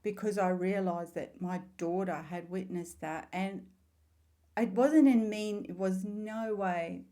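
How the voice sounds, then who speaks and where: A middle-aged woman with a soft, mellow tone speaks casually to camera about spiritual growth. Her delivery is heartfelt and meandering, full of asides. Her pitch sits in an ordinary middle range for a woman. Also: slow pace. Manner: heartfelt, rambling storytelling with warm asides. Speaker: spiritual vlogger.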